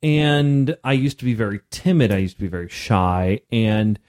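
Animated storytelling man in his thirties. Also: fairly low pitch, moderate pace, smooth. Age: 30s. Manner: animated, acts out voices in his stories. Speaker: podcast co-host. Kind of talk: casual storytelling chat.

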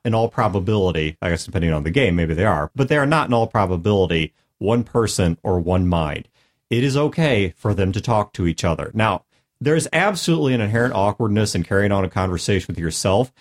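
A man giving casual, earnest advice on tabletop role-play, laying out numbered tips and playing down his own skill. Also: lowish voice. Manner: earnest, self-deprecating, explains in numbered points. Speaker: podcast co-host.

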